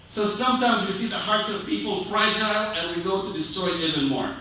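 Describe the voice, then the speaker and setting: A man preaching a sermon as an imam, animated, acting out scolding voices of other people. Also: high voice, a little fast, few pauses, far from the mic, slight background noise. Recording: echoey hall, voice from off-mic.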